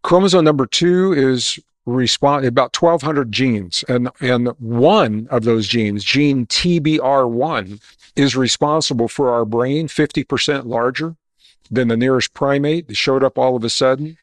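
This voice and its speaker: A man speaks as an interview guest, telling stories with lively emphasis and explaining points with confidence. His pitch is ordinary for a man, and the sound is close and dry. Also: unhurried, no echo. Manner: animated storyteller, emphatic and explanatory. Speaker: guest author and geologist. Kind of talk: storytelling interview answers.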